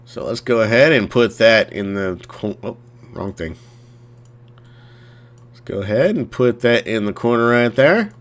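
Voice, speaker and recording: Casual male game streamer, rambling, middle pitch, filler-heavy. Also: expressive, measured pace, long pauses. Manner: rambling, full of fillers and restarts. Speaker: gaming streamer. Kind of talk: casual chat.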